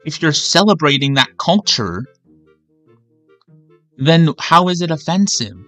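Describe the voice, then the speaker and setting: A man's voice: on the high side, big pitch swings, measured pace, a bit bright, soft background music. A man from Canada ranting angrily and with a lot of swearing while streaming a game. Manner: angry, profane, rambling rant. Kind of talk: ranting commentary over a game.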